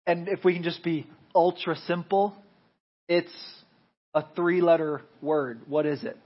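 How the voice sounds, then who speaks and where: Husky-voiced American pastor preaching. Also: male voice, a little high, fairly even intonation, measured pace, dull audio. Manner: conversational preaching with frequent "right?" tags. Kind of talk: sermon.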